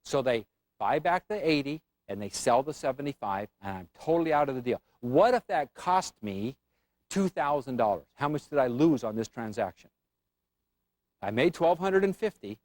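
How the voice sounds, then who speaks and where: A man's voice: mid-range voice, animated, normal speed, a little mellow, no room sound. A man teaching an options trading class, quizzing the room with frequent questions. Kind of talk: classroom lecture.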